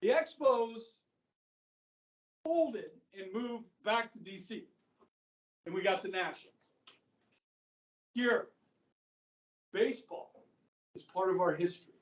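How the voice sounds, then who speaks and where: A man's voice: sits high, takes it slowly, pauses often. A man with a Kansas accent teaching a history class in a casual, chatty way, often checking in with "okay?". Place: school classroom. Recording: echoey classroom from far off.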